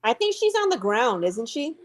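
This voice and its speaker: Quippy woman, lively pitch. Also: normal speed. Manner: quippy, short wisecracks. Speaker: player. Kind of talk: casual tabletop game play.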